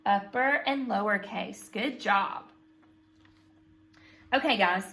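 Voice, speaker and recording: A woman teaching a phonics lesson to young children, patient and slow, prompting them to repeat sounds after her. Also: mid-range voice, a bit bright.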